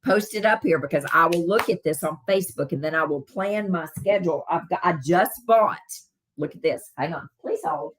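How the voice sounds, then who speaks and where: Casting: middle-aged Southern woman, low voice, chatty live-stream host answering comments. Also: normal speed. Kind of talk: casual live-stream chat with viewers.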